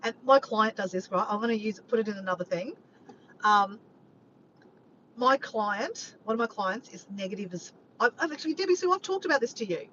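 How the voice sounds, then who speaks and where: A woman rambling to her viewers on a live stream, animated and swearing freely. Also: medium pitch, brisk. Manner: animated, swears often, keeps addressing "guys". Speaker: vlogger doing a live stream. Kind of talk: rambling casual chat to viewers. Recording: slightly muffled, faint background noise.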